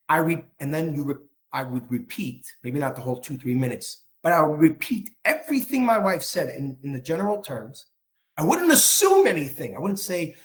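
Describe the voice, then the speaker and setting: A man's voice: a little high, big pitch swings, normal speed, a bit bright. A man coaching other men in a workshop, speaking emphatically and repetitively and acting out short dialogue scripts. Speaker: relationship coach. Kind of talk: workshop teaching.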